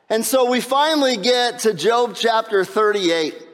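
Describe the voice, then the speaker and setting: A high-pitched male pastor delivers an animated sermon, pushing his voice to shouts when he drives a point home. He keeps checking in with the congregation. His voice rings out with the long reverb of a church hall. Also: normal speed. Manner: animated preaching, rises to shouts for emphasis, frequent "right?".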